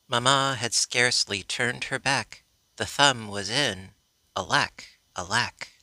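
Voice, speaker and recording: A man reading old rhymed children's stories aloud in a slow, measured way, giving the characters' quotes their own voices. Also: medium pitch, sharp tone, dry recording. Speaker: narrator.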